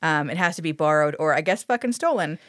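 A woman's voice: sits low, fast, no echo, studio quality. A woman co-hosting a podcast, recapping a TV episode in casual chat, swearing often and getting exasperated as she tells it. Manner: sweary, animated storytelling with exasperated asides. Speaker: podcast co-host.

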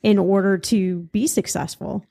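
A woman's voice: mid-range voice, fairly even intonation, unhurried, creaky, warm tone. A woman hosting a podcast interview, responding to her guest and summing up his points in her own words. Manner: affirming, sums up the guest's points. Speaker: podcast host.

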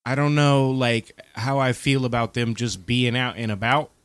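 A man's voice: mid-range voice, steady tone, normal speed, fairly bright tone, clear, resonant tone, dry recording. Thoughtful male podcast co-host. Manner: hesitant, thinking aloud. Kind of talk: casual podcast chat.

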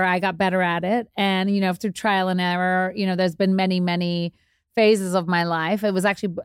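A woman talks candidly and with self-deprecating humor, her voice sitting on the lower side. She acts out quotes with sudden leaps in pitch. The close mic sounds dry, with no room around her. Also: smooth, dry recording. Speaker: DJ and interview guest. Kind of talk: candid storytelling interview.

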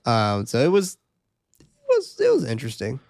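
A man's voice: medium pitch, huge pitch swings, moderate pace, gravelly, darkish tone, dry recording, clean studio sound. A man co-hosting a casual podcast, recapping a film's plot and joking about it with a friend. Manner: laid-back, laughs at his own asides, reads plot summary aloud. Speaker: podcast co-host recapping a film.

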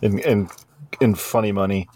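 A man's voice: lowish voice, steady tone, moderate pace, mellow, breathy edge. A man co-hosting a casual podcast, teasing dryly and stumbling over restarts. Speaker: podcast co-host. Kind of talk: casual chat.

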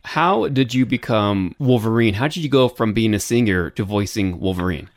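A male interview host with a calm, easy delivery and short affirming replies. His voice sounds dry and close, with no room around it. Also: on the low side, normal speed, dry recording. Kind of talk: casual interview questions.

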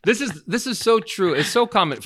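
A man co-hosts a casual advice show with a lively, swinging pitch and a bright tone. He keeps agreeing and chiming in. The recording is dry. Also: no room sound. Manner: agreeable, chimes in with quick affirmations. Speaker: advice podcast co-host.

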